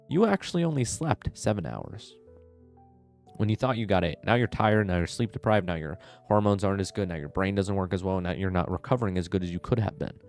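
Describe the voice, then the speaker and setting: Young dude w a lowish voice rambling gym advice, lots of "like" and bro talk. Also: male voice, a little mellow. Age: young adult. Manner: rambling, heavy on "like" fillers, bro slang. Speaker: fitness vlogger. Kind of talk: casual advice monologue.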